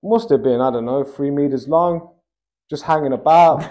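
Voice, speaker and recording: A young Australian man tells a story in relaxed, rambling conversation, leaning on fillers like "like" and "bro". His voice sits a little higher than most men's. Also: moderate pace. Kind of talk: casual chat, telling a story.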